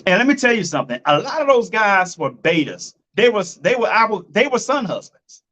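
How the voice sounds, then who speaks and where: A man's voice: high voice, big pitch swings, fairly quick, sharp tone. A man giving blunt, profane relationship commentary, repeating his points and calling his listeners folks and family.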